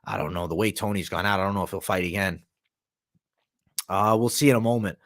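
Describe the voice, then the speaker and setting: A low, brisk male voice belongs to an MMA analyst running a live stream. Between bites, sometimes mouth full, he reads viewer comments aloud and chats casually with plenty of slang and swearing.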